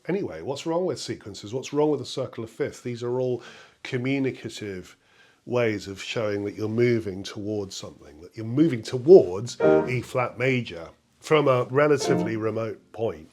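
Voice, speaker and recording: A man's voice: mid-range voice, darkish tone. A man with an English accent, giving an enthusiastic and explanatory lecture on music analysis while thinking aloud. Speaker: music professor. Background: piano music.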